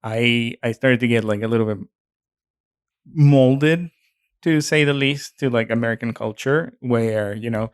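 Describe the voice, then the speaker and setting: Mexican-accented podcast co-host, young adult man, relaxed chatty delivery, dry sound. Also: medium pitch, unhurried, smooth, no echo. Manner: chatty, many fillers, laughs easily. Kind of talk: casual chat.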